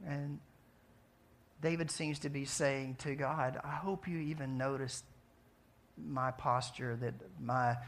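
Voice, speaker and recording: A man preaching a sermon in a conversational way, asking his listeners questions and swinging between soft, quiet passages and emphatic outbursts. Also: mid-range voice, gravelly. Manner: conversational, asks the audience questions. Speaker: pastor.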